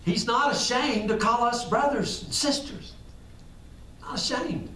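Man, high voice, conversational sermon, repeats phrases, recorded from a distance. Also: a little slow, sharp tone, slight background noise. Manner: conversational preaching, acts out little dialogues. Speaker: pastor. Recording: echoey room, far from the mic.

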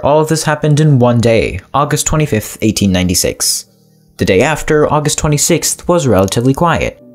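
A man narrating a scripted history explainer, dropping wry asides to the viewer. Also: mid-range voice.

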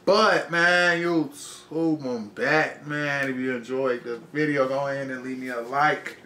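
A man signs off his reaction video in an unhurried, laid-back drawl with a bright, forward tone. The room sounds echoey, with a faint hiss of noise underneath. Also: mid-range voice. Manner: relaxed, laid-back slang. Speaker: YouTube reaction host. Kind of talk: casual sign-off.

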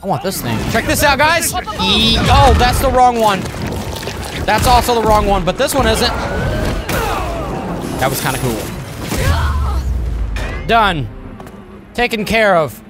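A man giving excitable, jokey commentary over his gameplay as the channel host. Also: sits high, a little slow, pauses often, loud music behind the voice. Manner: excitable, jokey, loud outbursts.

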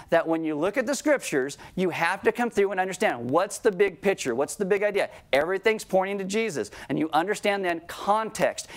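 A man preaching a sermon in a church, talking conversationally and acting out quoted voices with animation. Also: high-pitched. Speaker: pastor. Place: church sanctuary.

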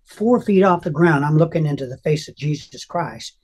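An older man telling an emotional personal testimony as an interview guest, earnest and halting, often restarting his sentences. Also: a little high, animated, darkish tone.

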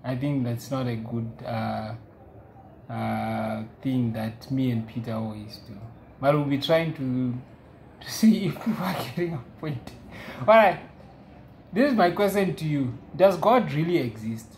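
A woman's voice: rumbling low, measured pace, a little mellow, a little hiss or hum. A woman reading quotations aloud at a Bible study, then asking the group questions.

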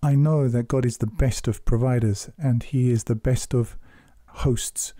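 A man giving measured, earnest spoken commentary on scripture, exhorting his listeners. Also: medium pitch, steady tone, mellow, no echo, studio quality. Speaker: Quran commentator.

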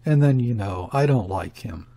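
A man's voice: medium pitch, lively intonation, normal speed, warm tone. A man voicing a young woman who speaks in a subdued, hesitant way. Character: young woman, uneasy and hiding her feelings.

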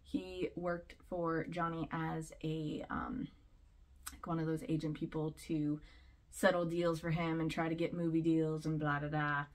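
A woman's voice: deep voice, flat delivery, unhurried. A woman vlogger giving casual commentary, rambling and chatty, often laughing between points.

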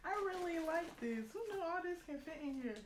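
Excitable young woman in a roomy space. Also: extremely high pitch. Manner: excitable, chatty, slangy, quick to laugh. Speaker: beauty vlogger. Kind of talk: casual unboxing chat to viewers. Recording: roomy echo, faint noise.

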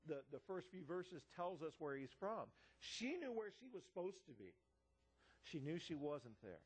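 A man delivers a sermon as a pastor, his voice sitting a little higher than most men's. He reads scripture passages aloud, then explains them in a relaxed, conversational way. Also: rough recording.

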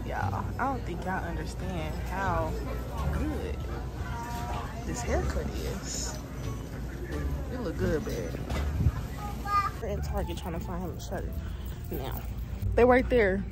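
A woman's voice: on the low side, expressive, slow pace, pauses often. A young woman chatting casually to her viewers in a vlog, teasing and talkative. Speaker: vlogger. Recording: loud background music.

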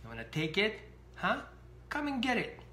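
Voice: medium pitch, huge pitch swings, normal speed, pushed and bright, roomy sound, voice pushed up. A trainer playing an indignant puppy guarding its sock. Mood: taunting. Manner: indignant and cheeky.

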